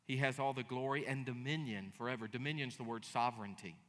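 A middle-aged man, preaching a sermon as pastor. He acts out dialogue in lively voices and breaks into sudden loud bursts. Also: medium pitch, quick pace. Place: church sanctuary. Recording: long hall reverb.

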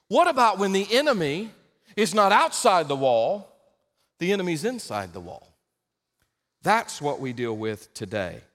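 A male pastor delivering an emphatic sermon, rising to loud exhortation. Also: a little high, long reverb tail.

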